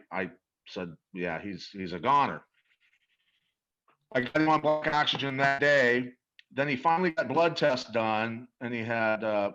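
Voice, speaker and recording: A middle-aged man, medium in pitch and a bit bright, is heard with the highs cut off. Appearing as an interview guest, he relates animated stories about a product in an earnest, emphatic way, often repeating himself word for word.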